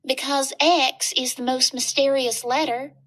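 A woman's voice: sits high, fairly even intonation, measured pace, fairly bright tone, voice pushed up. A woman reading a storybook aloud, voicing a shy young girl who is eager to impress a new friend.

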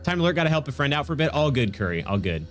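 A man's voice: mid-range voice, very animated, rapid-fire, soft background music. A man streaming a video game, congested with a stuffy nose, chatting casually and laughing with his viewers. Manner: chatty, reacts to chat, laughs often. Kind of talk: casual gaming stream chat.

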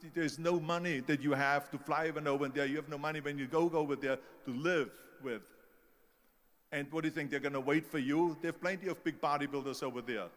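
A man's voice: a little high, a bit bright, in a large hall. An older man with a German-speaking Austrian accent, giving an emphatic motivational speech with stories. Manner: storytelling, emphatic, mimics doubters.

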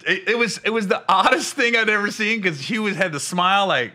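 A man's voice: high voice, lively intonation, normal speed, bright, forceful tone. A man hosting a comedy podcast, telling stories in casual chat with frequent laughs and acted-out quotes. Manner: laughing storyteller, acts out quotes. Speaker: podcast host.

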